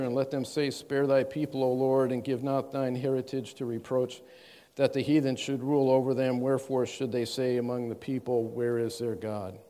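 Male preacher, sermon, measured scripture reading, plain explaining, long hall reverb. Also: mid-range voice, warm tone. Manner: reads scripture in a measured, stressing cadence, then explains plainly.

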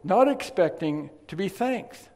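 A man preaching a sermon, chatty in his asides and then emphatic and loud on key points. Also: sits high, lively intonation, unhurried. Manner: conversational, swings from quiet asides to emphatic loud stresses. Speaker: pastor. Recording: long reverb of a large hall.

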